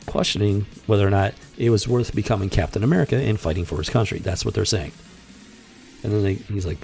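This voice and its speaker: A man's voice: lowish voice, quick pace, creaky, darkish tone, faint music behind. A man hosting a comics review show, reading panels aloud and commenting in a sarcastic, exasperated, rambling way.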